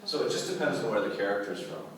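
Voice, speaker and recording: A man's voice: on the low side, expressive, fast talker. Canadian man in an echoey convention hall. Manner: chatty, restarts often, playful. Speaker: convention guest actor. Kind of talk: casual Q&A on stage. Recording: echoey hall, distant mic, crowd.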